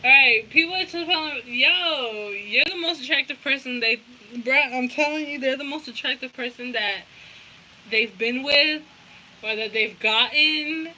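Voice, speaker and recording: Bright, high-ish young woman, brash tarot reader, faint hiss on the recording. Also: measured pace, poor audio. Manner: blunt, profane, animated slang. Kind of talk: casual tarot reading.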